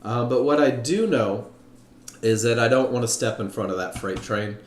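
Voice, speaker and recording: A man's voice: mid-range voice, moderate pace, slight background noise. A man leading a live online trading class, upbeat and chatty, greeting viewers by name. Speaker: trading instructor. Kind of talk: live webinar teaching. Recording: roomy echo.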